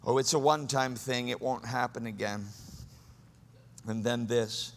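A man preaching a sermon as pastor, dramatic, swinging from hushed to loud. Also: mid-range voice, fairly even intonation, unhurried, creaky, long reverb tail.

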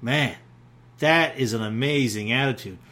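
Preaching in a folksy, plain-spoken style, this middle-aged Newfoundland pastor speaks a little slowly in a mid-range voice with a sharp tone. His sermon is full of fillers and restarts.

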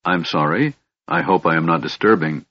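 A man's voice: sits low, moderate pace, husky, no room sound. A man reading an audiobook, voicing a polite, discreet male knight lord, in a dull lo-fi recording. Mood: guarded.

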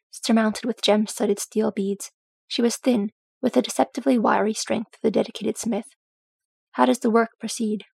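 A woman narrating a storybook calmly, her voice gravelly with a husky grain. The recording is dry and close, with no room sound at all. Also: mid-range voice, no room sound. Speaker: audiobook reader.

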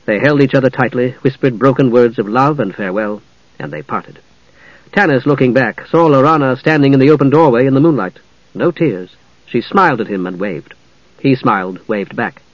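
Guy reading a fantasy book, measured and even, kinda dull dry recording. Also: medium pitch, no room sound. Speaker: audiobook narrator. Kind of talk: scripted fantasy narration.

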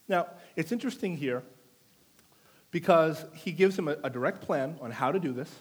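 A man's voice: on the high side, moderate pace, breathy edge. A male pastor preaching a sermon in a playful way, teasing the congregation and drawing people up front to take part. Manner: animated storytelling with audience participation.

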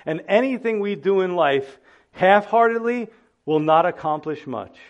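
A man's voice: high voice, lively intonation, moderate pace, muffled recording. A man preaching a sermon as pastor, earnest, acting out the people in the text.

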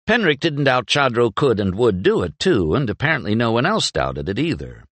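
A man reading a novel aloud as an audiobook narrator, in expressive, measured storytelling. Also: medium pitch, dry recording. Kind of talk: scripted narration.

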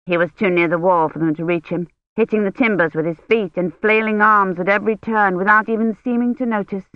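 Audiobook narrator, measured reading, mid pitch, muffled lo-fi, dry close sound. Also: steady tone, no echo. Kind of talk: scripted narration.

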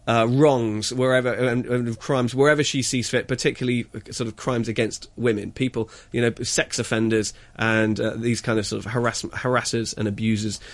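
A man reviewing a film in casual radio chat, halting and stumbling as he searches for words. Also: mid-range voice, little pitch movement. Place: radio studio.

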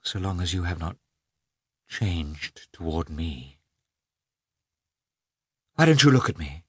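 A man's voice: mid-range voice, very animated, measured pace, fairly bright tone, husky, no echo, clean studio sound, voice pushed up, heavily acted. A man doing a passionate, defiant noblewoman. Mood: insistent. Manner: impassioned, pleading.

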